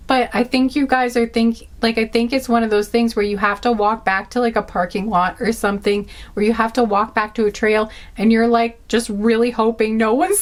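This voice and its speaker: A woman giving a casual pick-a-card reading, rambling and giggling, with "like" in nearly every phrase. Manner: rambling, says 'like' constantly, giggly; acts out quoted reactions in a higher pitch. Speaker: tarot card reader.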